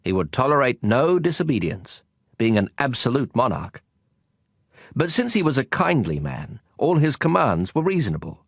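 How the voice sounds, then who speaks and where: Casting: male audiobook narrator, calm, expressive reading, dry close sound. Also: medium pitch, moderate pace, husky, no room sound.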